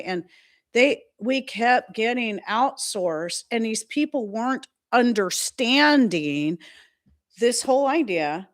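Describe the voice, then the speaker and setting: A woman's voice: on the high side, animated, takes it slowly. A middle-aged woman chatting casually on her livestream, rambling from one story to the next and reading out viewer comments. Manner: chatty, rambling, reads chat comments aloud. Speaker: livestream host.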